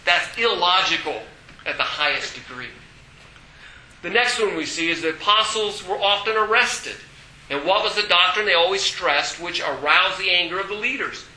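A man preaching a sermon as pastor, animated, breaking into shouts and acted quotes. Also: high-pitched, roomy sound, slight background noise, rough recording.

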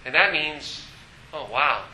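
Bright-voiced animated man preaching. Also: on the high side, slow pace, echoey room, slight background noise, low-quality recording. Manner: animated, breaks into shouts and acted quotes. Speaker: pastor. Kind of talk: sermon.

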